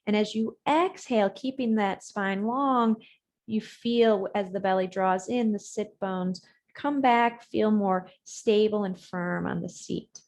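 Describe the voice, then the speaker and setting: A woman leads a yoga and breathing session over a video call, her voice sitting at an ordinary middle pitch. Her cues are gentle and measured, and the ends of her phrases fade away softly. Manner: gentle, measured cues with soft trailing words. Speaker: yoga instructor. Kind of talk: guided breathing and yoga instruction.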